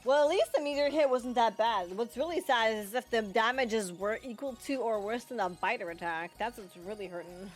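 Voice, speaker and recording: A woman's voice: fairly high pitch, moderate pace, few pauses, soft background music. A woman livestreaming a game, chatting playfully with her viewers and laughing often. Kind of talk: live gameplay commentary and chat with viewers.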